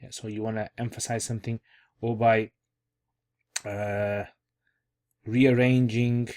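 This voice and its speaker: With a lowish, level and slightly mellow voice, a man slowly works through an online Arabic grammar lesson. He keeps it casual, restating each key term and thinking aloud as he goes.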